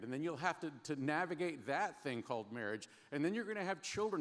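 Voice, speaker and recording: A man giving an earnest, halting chapel sermon with frequent restarts. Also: medium pitch. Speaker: guest chapel speaker. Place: large chapel hall. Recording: long hall reverb.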